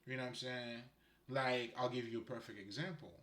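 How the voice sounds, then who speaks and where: A Haitian spiritual guide speaks a little fast, his medium-pitched voice bright and forceful with fairly even intonation. His guidance is casual and rambling, punctuated by frequent laughter, with a roomy echo around him.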